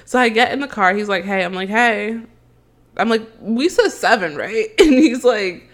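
Young woman podcast cohost, chatty storyteller, laughs a lot, plays out every quote, mid-pitched voice. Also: measured pace. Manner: animated storyteller acting out quotes, laughs often. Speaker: podcast co-host. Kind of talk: casual chat, storytelling.

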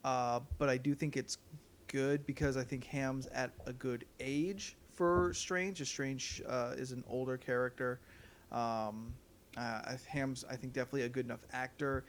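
A man's voice: mid-range voice, fairly even intonation, normal speed, slight background noise. A man co-hosting a podcast, chatting casually about movies in an opinionated, rambling way with many fillers and restarts. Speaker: podcast co-host. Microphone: studio podcast mic.

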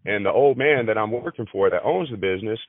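A man talks in an interview with a fairly low voice, often repeating himself and starting sentences over. The sound is dry and tinny, like a phone call. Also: lively intonation, fast talker, breathy edge, dry recording. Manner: repeats words, restarts phrases. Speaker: granite business manager. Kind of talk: interview conversation.

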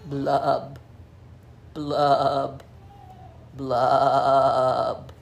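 Gloomy sulking male fish as a woman reads him, gravelly low mopey rhyme, storybook read-aloud. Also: level tone, drawn-out words, a little hiss or hum, exaggerated voice. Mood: glum. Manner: mopey sing-song rhyming, low blubs.

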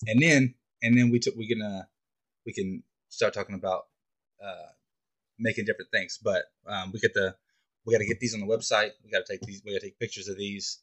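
A man on a podcast as a guest, chatting in an easygoing, halting way. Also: lowish voice, fairly even intonation, fairly bright tone. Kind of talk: casual podcast chat.

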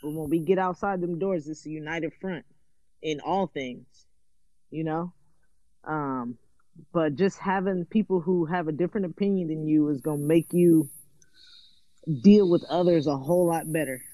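A man's voice: a little high, moderate pace, mellow, no room sound. A man from California, a guest in a casual conversation, explaining his views thoughtfully and often saying "you know". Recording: dull, dry, slightly lo-fi sound.

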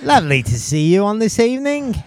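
A man's voice: high voice, very animated, fairly quick, slight background noise, voice pushed up. A man doing a mock-genteel Batman with a put-on British accent, during casual podcast banter. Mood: pompous. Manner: mock-genteel, overly polite. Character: posh British-voiced male Batman.

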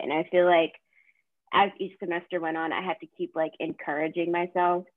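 A young woman from the American South talks through a casual podcast chat, her voice sitting a little low. She strings her thoughts together with constant fillers and animated retold quotes. The sound is thin and phone-like, with no room around it. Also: brisk, no echo. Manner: chatty, fillers, lively retelling of quotes. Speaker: podcast co-host; counseling graduate student.

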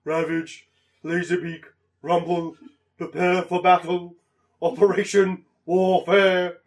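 Dude doing a cartoon robot boss barking slow orders, kinda high voice. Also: male voice, little pitch movement. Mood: commanding. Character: menacing male robot commander giving orders. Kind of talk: impression from a cartoon.

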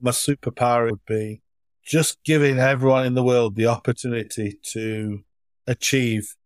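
A man of middle pitch tells stories at an easy pace in a relaxed interview and slips into children's voices as he quotes them. The recording is close and dry, with no room sound at all. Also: normal speed, no echo. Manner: anecdotal, acts out children's voices in his stories. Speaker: charity foundation chief executive, guest.

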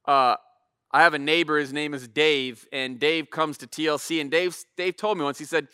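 A man, a pastor in his thirties, telling a casual, animated sermon story and acting out voices. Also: on the high side, normal speed, clean tone, no room sound, studio quality.

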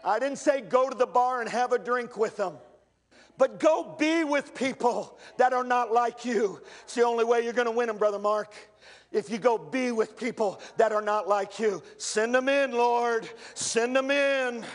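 Man, pastor, very high voice, fiery sermon, shouted climaxes. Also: moderate pace. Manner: impassioned, shouting climaxes, calls to the congregation. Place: church.

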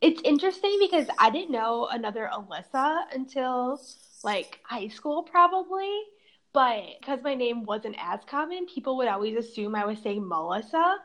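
A young woman with a slightly raised voice talks in a relaxed podcast chat. She laughs often and fills her stories with "like.". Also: a little high, moderate pace. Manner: giggly, chatty storytelling with many "like"s.

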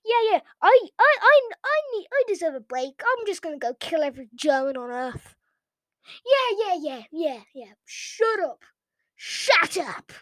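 A woman's voice: very high-pitched, big pitch swings, no echo. An English woman hosting a reaction video, ranting casually in a sarcastic, mocking way. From England. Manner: sarcastic and mocking, quick rants.

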